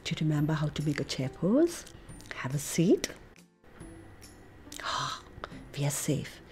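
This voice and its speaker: A woman with an American accent, a preschool teacher reading a picture book and leading children through playful yoga poses, coaxing and animated with soft breathy asides. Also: sits low, a little slow, soft background music.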